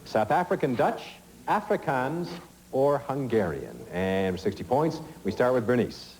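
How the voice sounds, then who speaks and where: A man's voice: medium pitch, sing-song, unhurried, a little mellow, long reverb tail, slight background noise, poor audio. A middle-aged man hosting a TV quiz show, reading questions and chatting in asides full of fillers, in a studio. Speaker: game show host.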